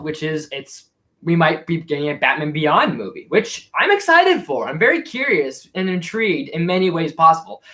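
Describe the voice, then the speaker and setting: A man's voice: a little high, bright, forceful tone. A man hosting a casual live Q&A stream, rambling and self-deprecating with frequent restarts. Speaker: YouTube host.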